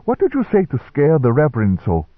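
A man voicing a kindly, teasing female nurse with a gentle manner. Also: fairly high pitch, huge pitch swings, a little fast, no room sound, pitched above the performer's own voice. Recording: dry, tinny narrow-band recording.

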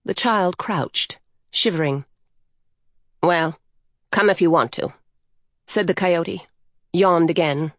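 Calm woman narrating a story. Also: low-pitched, creaky, no echo, clean studio sound.

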